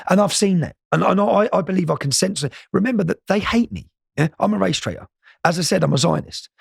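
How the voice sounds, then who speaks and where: A man's voice: high-pitched, lively intonation, fast, creaky, breathy edge, dry recording, clean studio sound. A man, an interview guest, telling stories casually with many repeated words and "yeah?" tags.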